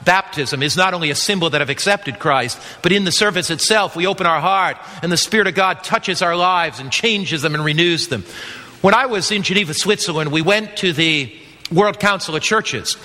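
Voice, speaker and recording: A man preaches with emphasis, putting questions to his congregation and driving each point home. His voice sits high and rings bright and forceful. It echoes with the long reverb of a large hall. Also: moderate pace. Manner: emphatic, asks the audience questions. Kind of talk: evangelistic sermon.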